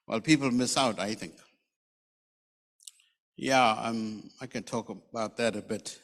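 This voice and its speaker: A man's voice: on the low side, unhurried, long pauses. A man preaching a conversational sermon as a pastor, telling rambling jokes and stories before reading scripture aloud. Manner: rambling, joking storyteller who reads scripture aloud. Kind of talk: conversational sermon with humorous asides. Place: church hall. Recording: long church hall reverb.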